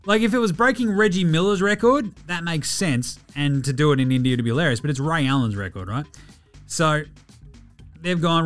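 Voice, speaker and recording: An Australian man hosting a casual sports podcast, animated, jokey and swearing a lot. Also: a little high, fairly quick, soft background music. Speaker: podcast host.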